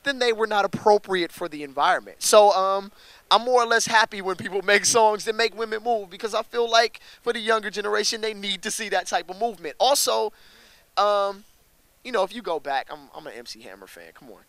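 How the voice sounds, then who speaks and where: Animated slangy man, dry close sound. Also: high-pitched, brisk, no room sound. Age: young adult. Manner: animated, slangy, voice jumps up when excited. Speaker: rapper being interviewed. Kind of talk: casual storytelling interview.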